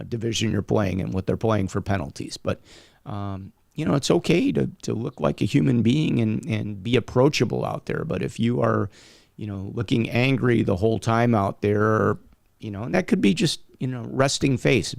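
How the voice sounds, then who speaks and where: A man's voice: on the low side, gravelly, no room sound, studio quality. A man co-hosting a hockey referee talk show, giving advice in a casual, conversational way with lots of fillers. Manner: conversational, many fillers, animated when quoting people. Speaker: podcast co-host, hockey referee.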